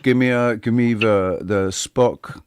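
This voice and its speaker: A man's voice: fairly low pitch, steady tone, slow, crowd noise. A man hosting a livestream panel in casual chat, rambling and restarting his sentences and swearing freely.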